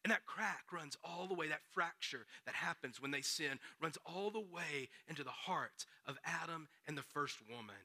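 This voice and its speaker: A man preaching a storytelling sermon, dramatic and dropping to hushed near-whispers for emphasis. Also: on the high side, normal speed, few pauses, dry recording, clean studio sound.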